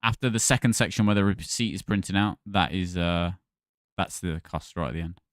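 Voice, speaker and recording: A man's voice: deep voice, fairly quick, dry recording, studio quality. A man hosting a gaming livestream, chatting casually and thanking viewers by name.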